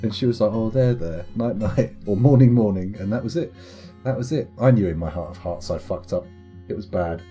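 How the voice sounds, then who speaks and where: A man's voice: on the low side, brisk, dark tone, soft background music. A young British man streaming a game, rambling and joking at his own expense in casual commentary. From United Kingdom. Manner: rambling, self-mocking, joking. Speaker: live streamer.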